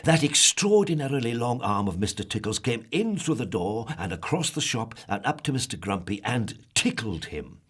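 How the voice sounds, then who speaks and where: Husky, lively male storyteller. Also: mid-range voice. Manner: lively, drawn-out storytelling with questions to the listener. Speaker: storybook narrator. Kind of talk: reading a children's story aloud.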